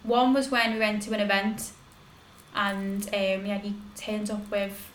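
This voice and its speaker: A woman's voice: medium pitch, fairly even intonation, unhurried, a bit bright, echoey room, slight background noise. A young woman hosting a podcast, telling a story in a loose, rambling way with many fillers and restarts. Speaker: podcast host. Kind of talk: casual storytelling chat.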